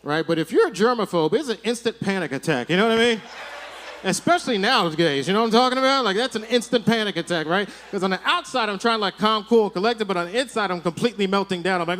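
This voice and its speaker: Fast-talking male stand-up comic. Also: sits high, slight background noise. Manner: fast, animated storytelling, keeps tagging lines with "right?". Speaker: stand-up comedian. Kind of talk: stand-up set before a live audience.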